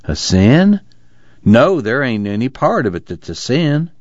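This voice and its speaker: A man's voice: on the low side, slow, darkish tone, no echo. A man reading as an awed former preacher. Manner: earnest, awed. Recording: dull lo-fi recording.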